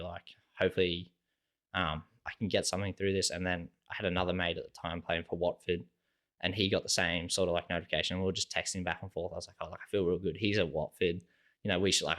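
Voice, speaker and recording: A young Australian man with a very low, deep voice, talking casually as an interview guest. He rambles through his story and leans heavily on "like" and "sort of" as he goes. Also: steady tone, fast talker, fairly bright tone. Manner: rambling, heavy use of "like" and "sort of" fillers.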